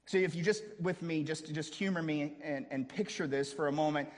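A pastor delivers a dramatic sermon, dropping to a hush and then rising to a shout, with casual joking asides. His voice is on the high side and brisk, and the sound has a big-room quality.

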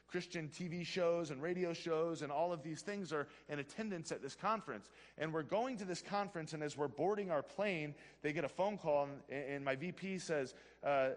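A man giving an earnest devotional talk, telling a personal story, with delivery that swings between hushed and excited. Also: medium pitch, long reverb tail. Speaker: speaker at a Christian health ministry.

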